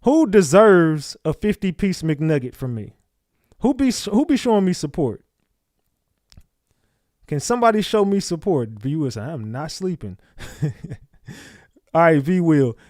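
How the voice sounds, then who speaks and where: A man's voice: fairly high pitch, lively intonation, unhurried, long pauses, a little mellow, no echo, studio quality. Slangy man hosting a livestream. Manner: loose, slangy, calls out chat names. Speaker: livestream host. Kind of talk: casual livestream chat with viewers.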